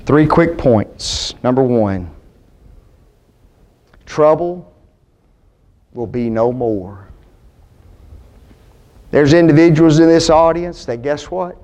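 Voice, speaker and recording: A man preaching a sermon to a church audience. He speaks emphatically, swings from high, ringing peaks down to low, quiet lines, and keeps asking the audience rhetorical questions. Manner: emphatic, rising to high-pitched peaks then dropping low.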